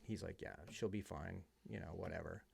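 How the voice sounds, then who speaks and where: Gravelly low-voiced man telling his story. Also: steady tone, moderate pace, background noise. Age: middle-aged. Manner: candid, conversational, drops to a hush at emotional moments. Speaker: podcast guest. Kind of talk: casual storytelling.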